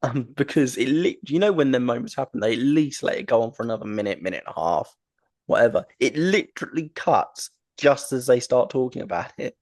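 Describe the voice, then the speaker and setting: The voice is male, medium-pitched and darkish, fairly quick with lively intonation. He's a podcast host chatting enthusiastically about wrestling, rambling with frequent ums and restarts.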